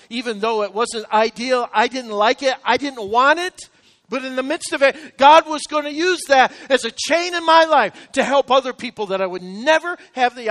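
High bright-voiced guy preaching, goes quiet then suddenly loud, big echoey church. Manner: storytelling, swings from quiet confessional to loud exclamations. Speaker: pastor. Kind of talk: sermon. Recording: long hall reverb.

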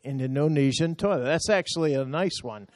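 A man's voice: a little high, fairly quick, darkish tone, dry recording, clean studio sound. A man talking a church through slides from a mission trip, chatty and emotional, telling the operator to move on.

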